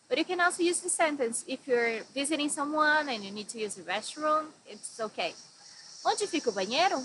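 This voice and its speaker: A Brazilian woman teaching beginner Portuguese, speaking with a high voice. She slows down to spell out each phrase and repeats it. Her voice rings in an echoey room over a faint hum. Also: a bit bright. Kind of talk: bright lesson presentation.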